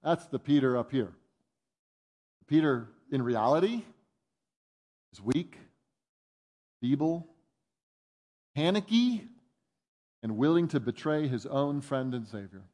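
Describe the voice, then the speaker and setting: The pastor preaches unhurriedly and pauses often, lively throughout, his voice rising to play the protesting disciples and falling soft for reflection.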